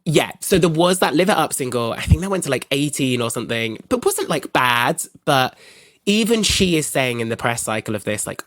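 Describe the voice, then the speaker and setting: A man's voice: medium pitch, very animated, fairly quick, a bit bright, no room sound. A man chatting as a podcast guest, gossipy and enthusiastic, joking as he talks. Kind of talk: casual podcast chat.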